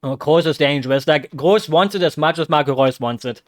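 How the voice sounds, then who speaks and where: A fairly high-voiced man, chattering through a live football watch-along as a vtuber. His talk rambles and restarts, then jumps into loud, excited exclamations. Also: a little fast. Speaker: vtuber streamer.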